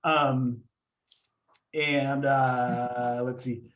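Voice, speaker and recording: A man hosting a live online comics reading on a video call, talking casually with many pauses and fillers. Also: mid-range voice, little pitch movement, muffled recording. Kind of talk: casual event introduction. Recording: roomy echo.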